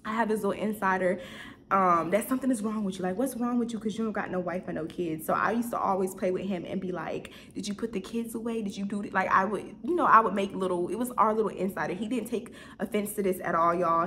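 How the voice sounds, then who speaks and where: A young woman talks straight to her viewers in a relaxed storytime vlog, chatty and loose, with lots of "like" and "y'all". Her voice sits at an ordinary middle pitch. A faint hiss of noise runs underneath. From Houston, Texas. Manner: chatty, addresses viewers as "y'all", many "like" fillers.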